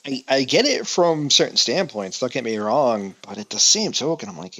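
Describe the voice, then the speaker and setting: A man co-hosting a casual podcast, talking in an animated way and acting out quotes. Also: mid-range voice, moderate pace, few pauses. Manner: animated, acts out quotes in voices. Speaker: podcast co-host. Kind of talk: casual wrestling chat.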